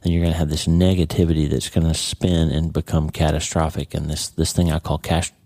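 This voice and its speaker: A man's voice: a bass voice, little pitch movement, brisk, warm tone, no room sound. A man hosting a podcast, giving a casual devotional Bible lesson in a conversational way that keeps checking in with the listener. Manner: conversational, repeats words and checks in with "okay?" and "right?". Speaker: podcast host and Bible teacher.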